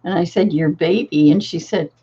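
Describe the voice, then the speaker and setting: A woman's voice: lowish voice, moderate pace, dark tone, slightly rough, muffled recording. An older woman, a grandmother and crafting channel host, telling a family story in a casual, rambling way full of fillers and restarts.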